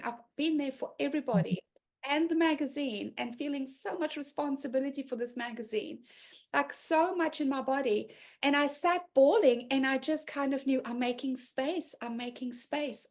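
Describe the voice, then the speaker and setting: A woman's voice: high voice, moderate pace. A woman hosting an online group session over a video call, talking casually and openly, laughing often and acting out quoted voices.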